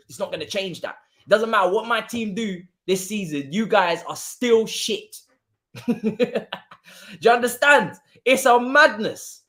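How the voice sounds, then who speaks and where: A man ranting through a football watchalong stream. His pitch leaps up and down as he mocks rival fans, loud one moment and muttering the next. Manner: animated, mocking rival fans.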